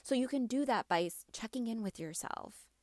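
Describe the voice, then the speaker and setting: Gentle, chatty woman podcast host. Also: on the high side, animated, normal speed, dry recording, clean studio sound. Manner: gentle, reassuring, rambling with fillers. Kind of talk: casual solo podcast talk.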